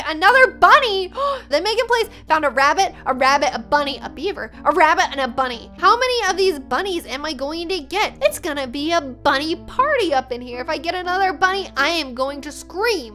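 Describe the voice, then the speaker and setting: A woman giving excited, dramatic gameplay commentary as a YouTuber, often mocking herself. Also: extremely high pitch, moderate pace, hardly any pauses, soft background music. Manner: animated, dramatic, self-mocking. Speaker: gaming YouTuber.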